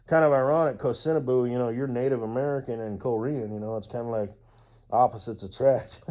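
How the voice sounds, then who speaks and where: Talking fairly quickly at a medium pitch, this man delivers a loose, profane YouTuber monologue peppered with whooping asides. The lo-fi recording is a little dull.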